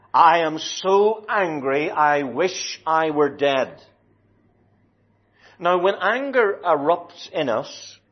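A man preaching a sermon in a slow, deliberate and emphatic way, stretching key words. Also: medium pitch. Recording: dull lo-fi recording.

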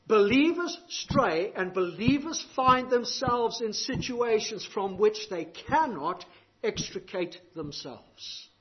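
A male preacher with a high-pitched voice delivers a sermon. He poses rhetorical questions and presses on words for emphasis. The recording is dull and lo-fi. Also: lively intonation, takes it slowly.

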